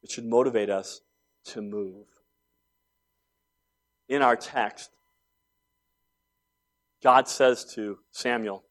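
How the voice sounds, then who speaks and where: A man's voice: mid-range voice, unhurried, pauses often, fairly bright tone. A man in his forties preaching a sermon, telling stories conversationally and building to emphatic points. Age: 40s. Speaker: pastor.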